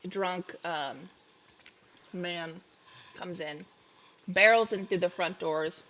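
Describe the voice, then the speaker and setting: A woman's voice: lowish voice, slow pace, a bit bright. A woman narrating as game master in a casual, chatty way full of fillers.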